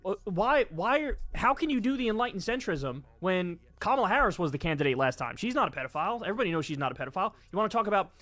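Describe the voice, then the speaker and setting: A man's voice: high voice, expressive, quick pace, a bit bright, soft background music. A man arguing his side of a political debate emphatically, with frequent swearing. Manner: emphatic, profane. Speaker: debate participant. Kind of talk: heated political argument.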